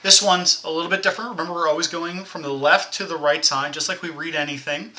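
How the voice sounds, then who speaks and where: A man's voice: fairly high pitch, fairly even intonation, fairly quick, hardly any pauses, sharp tone. A man teaching a recorded elementary music lesson, encouraging young children, counting them in and chanting rhythm syllables.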